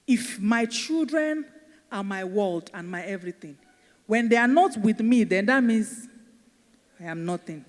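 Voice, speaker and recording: A woman's voice: mid-range voice, animated, unhurried. Emphatic woman lecturing in a hall. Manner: emphatic, repeats key phrases, asks rhetorical questions. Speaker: motivational speaker and teacher. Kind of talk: faith-based empowerment lecture. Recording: echoey hall reverb.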